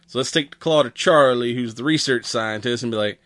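A man's voice: medium pitch, fairly quick, few pauses, a bit bright, no room sound. A man casually recaps a movie on a podcast, rambling along and swearing freely as he acts out the characters' lines. His voice sits mid-range, and the recording is dry and close. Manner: rambling, profane, acts out quoted characters with laughs. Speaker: podcast host.

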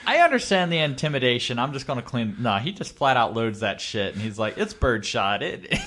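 A man's voice: medium pitch, lively intonation, brisk, fairly bright tone. A man in casual conversation about a movie, joking and speaking loosely with fillers.

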